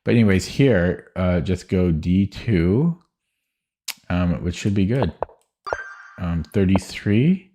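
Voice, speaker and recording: A man's voice: deep voice, animated, slow, pauses often, noisy background. A young man streaming chess, thinking aloud in a hesitant, muttering way with frequent self-corrections. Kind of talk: thinking aloud while solving puzzles.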